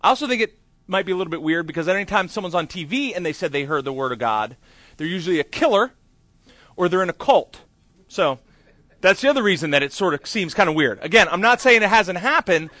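A man's voice: high voice, big pitch swings, quick pace, pushed and bright, no room sound. A man preaching a conversational sermon, telling a candid, self-deprecating story with chatty asides. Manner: chatty with many fillers and asides. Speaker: pastor.

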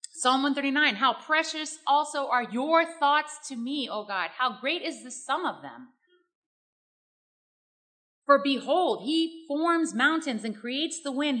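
Female preacher, high bright voice, emphatic sermon delivery with call-and-response.

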